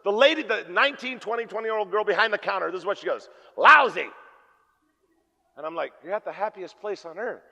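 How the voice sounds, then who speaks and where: Pastor, male, high gravelly voice, storytelling sermon, hall reverb. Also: fast, hardly any pauses. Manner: storytelling, jokey, swings from loud to hushed. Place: church hall. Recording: long reverb of a church hall.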